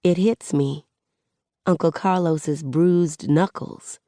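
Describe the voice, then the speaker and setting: A woman reading a first-person audiobook in a measured, expressive way. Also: low voice, dry recording, clean studio sound. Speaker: audiobook narrator.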